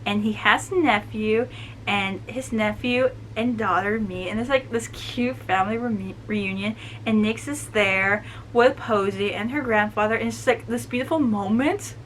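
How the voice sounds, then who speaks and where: A woman's voice: medium pitch, normal speed, a little hiss or hum, low-quality recording. A woman giving a casual, chatty book review recap, talking animatedly and filling her sentences with "like". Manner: chatty and animated, many "like" fillers.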